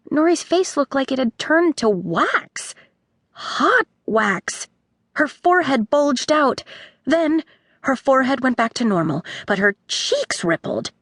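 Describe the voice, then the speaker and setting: A woman narrating a children's audiobook with expressive storytelling. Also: sits high, measured pace, no echo, clean studio sound.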